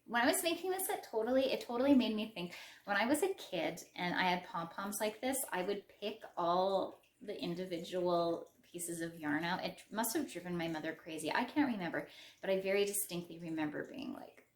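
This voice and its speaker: A woman's voice: fairly low pitch, expressive, brisk, slight background noise. A middle-aged woman with a Western Canadian English accent, hosting a crochet podcast in a chatty, rambling show-and-tell manner with self-deprecating asides. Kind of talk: casual show-and-tell chat. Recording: roomy echo.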